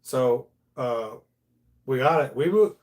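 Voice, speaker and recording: A man hosting a live stream, telling stories in a loose, animated way and swearing casually. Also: mid-range voice, takes it slowly. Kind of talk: casual storytelling chat.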